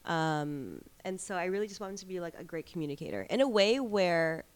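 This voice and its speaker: A woman in her thirties, appearing as a guest in a casual chat, tells stories in a lowish, animated voice at a brisk clip. She's a chatty storyteller, sprinkling in plenty of likes and you-knows.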